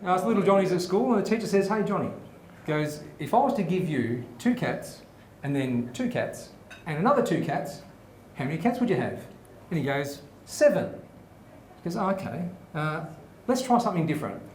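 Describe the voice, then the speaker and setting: A man's voice: a little high, very animated, fairly quick, darkish tone, a little hiss or hum. A man hosting a live comedy show, telling jokes and laughing along. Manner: chatty, laughs at his own jokes. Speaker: host. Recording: echoey room, faint ambience.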